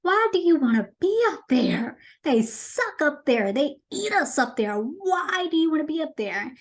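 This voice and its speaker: Woman doing a panicky crab guy, high jittery voice, rushes his words. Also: big pitch swings. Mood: pleading. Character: flustered male crab servant, nervous and jittery.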